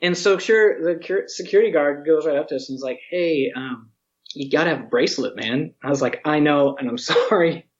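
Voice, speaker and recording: A man telling a lively story in an interview, acting out what people said and laughing often. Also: fairly high pitch, a little fast, muffled recording. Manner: animated storyteller, acts out quotes, laughs often. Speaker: interview guest, museum educator.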